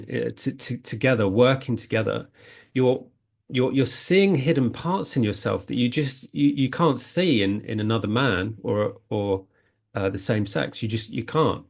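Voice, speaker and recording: A man's voice: mid-range voice, gravelly. A man talking earnestly as a spiritual healing coach, rambling and often restarting his sentences. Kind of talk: casual spiritual talk.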